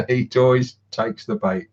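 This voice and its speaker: A man's voice: medium pitch, steady tone, slow, a little mellow, dull audio. A man hosting a casual livestream chat, rambling and swearing freely with lots of ums and chuckles. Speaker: channel host.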